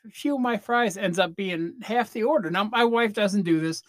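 A man's voice: high-pitched, normal speed, fairly bright tone, no room sound. A man hosting a comedy podcast, delivering a rambling, self-interrupting rant into a close mic, breaking off mid-sentence and slipping into mock voices. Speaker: podcast host. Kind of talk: comedic monologue.

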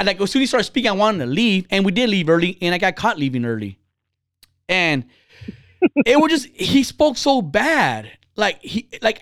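A man with a high voice that swings up and down tells a rambling, candid story in easy conversation. The sound is dry and close, with no room around it. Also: fairly bright tone, no room sound. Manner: candid, rambling, with frequent restarts and laughs. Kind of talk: casual storytelling chat.

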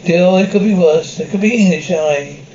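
A man's voice: sits high, normal speed, darkish tone, reverberant, lo-fi sound, a little hiss or hum, natural voice. A man doing a sore ginger patient. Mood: wry. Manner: plaintive, putting on a brave face. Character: sore scorched ginger male patient, stoic.

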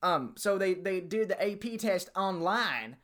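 A man's voice: high-pitched, animated, unhurried, a bit bright. A teenage boy with a put-on Southern cowboy accent, chatting on a podcast, full of fillers and restarts. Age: teens. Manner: rambling, lots of fillers and restarts; self-mocking, fake cowboy drawl. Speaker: podcast co-host. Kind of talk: casual chat.

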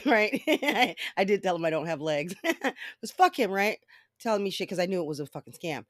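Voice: mid-range voice, sing-song, moderate pace, a bit bright, no room sound, studio quality. A podcast host in a casual solo monologue, swearing freely and rambling through stories.

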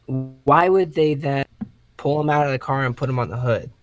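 A man in casual chat, skeptical and quick to poke holes in the plot with questions. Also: mid-range voice, faint music behind. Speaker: co-host.

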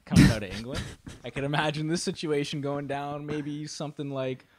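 A young man co-hosting a casual podcast, bantering in a relaxed way and swearing casually. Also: a little high, normal speed, no room sound. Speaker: podcast co-host. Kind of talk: casual chat.

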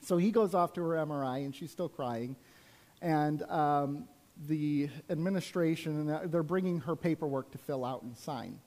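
A man's voice: fairly high pitch, normal speed, a little mellow. A man preaching a sermon as a pastor, telling personal stories in a conversational way with frequent asides to the congregation.

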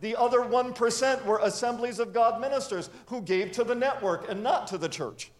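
A man's voice: extremely high pitch, moderate pace. A man, a pastor, preaching a sermon in an earnest, conversational way, mixing scripture with personal stories. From grew up in a church with many missions givers.

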